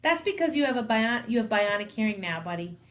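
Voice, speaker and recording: A woman's voice: a little high, big pitch swings, fairly quick. A woman reading as a jolly ear doctor. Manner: cheerful, reassuring explanations. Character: friendly, joking male ear doctor.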